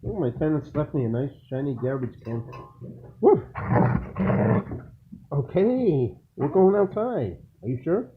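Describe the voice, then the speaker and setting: A man chatting casually to his dog in a home vlog, jumping up into high coaxing tones when he talks to her. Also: very animated, unhurried, pauses often. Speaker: vlogger. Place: doorway into a snowy, windy yard. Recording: tinny phone-like recording with faint noise. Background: faint wind noise.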